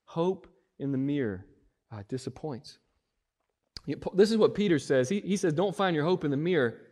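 Male pastor, fairly high voice, emphatic sermon delivery that stretches key words. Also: darkish tone. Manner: preaching with emphatic rises and drawn-out stresses.

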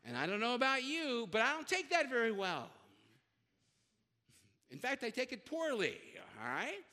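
A man's voice: very high-pitched, huge pitch swings, moderate pace, sharp tone, in a large hall. A male pastor preaching a sermon in a conversational way, with self-deprecating asides.

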